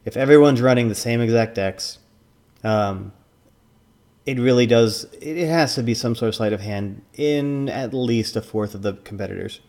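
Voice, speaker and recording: A man who is a former card tournament judge gives casual commentary in a medium-pitched, slightly mellow voice at a moderate pace, rambling with lots of fillers and restarts.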